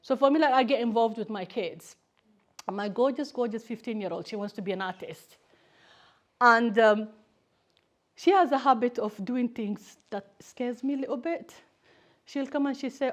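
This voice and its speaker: A woman whose first language is Somali, giving a lively personal talk to students as a campaigner, telling stories animatedly. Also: fairly high pitch, moderate pace. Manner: animated storytelling, acts out family members' voices.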